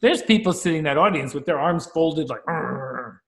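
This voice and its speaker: A man's voice: on the high side, lively intonation, fast talker, a bit bright. A man hosting a podcast, asking his guest questions in a friendly, casual way. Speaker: podcast host. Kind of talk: casual interview.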